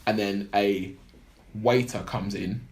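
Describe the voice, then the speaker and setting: A man's voice: on the low side, fairly even intonation, slow. A man on a podcast, casually recapping a film plot in a rambling way full of "like" and "blah blah". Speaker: podcast co-host.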